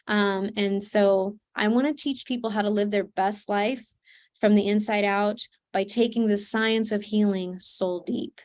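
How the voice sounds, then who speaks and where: A woman's voice: medium pitch, fairly even intonation, measured pace, darkish tone. Earnest woman teaching a healing seminar. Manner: earnest, teaching, many fillers and restarts. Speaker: seminar presenter, trauma coach. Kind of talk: online seminar talk.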